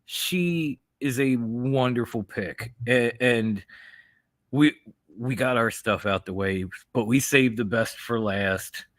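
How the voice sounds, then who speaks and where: A man's voice: mid-range voice, slow, a bit bright, no room sound. A man co-hosting a casual wrestling chat podcast, talking with emphatic enthusiasm and often repeating himself. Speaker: podcast co-host.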